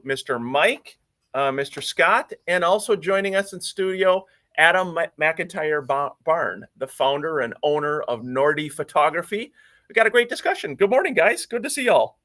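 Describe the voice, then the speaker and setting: A man hosting a live radio talk show from a studio, upbeat and often filling pauses with "uh". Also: a little high, lively intonation, sharp tone. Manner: upbeat, with frequent filler "uh"s.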